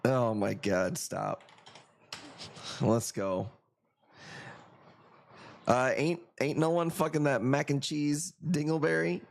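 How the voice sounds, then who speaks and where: A man's voice: medium pitch, takes it slowly, creaky, pauses often. Joking, foul-mouthed male stream host. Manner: profane, joking, rambling banter with viewers. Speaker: livestream coral auction host. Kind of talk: casual live sales chat.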